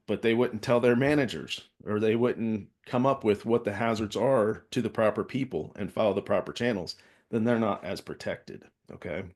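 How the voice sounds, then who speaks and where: A safety consultant with a mid-range male voice delivers a workplace safety training talk in a conversational style. He frequently checks in with listeners, sprinkling "all right?" throughout his points.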